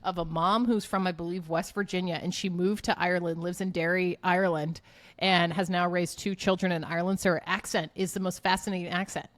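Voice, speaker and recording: Woman co-host, teasing playful chat, slightly low voice, dry close mic. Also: flat delivery, fairly quick, no echo. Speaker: podcast co-host. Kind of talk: casual chat.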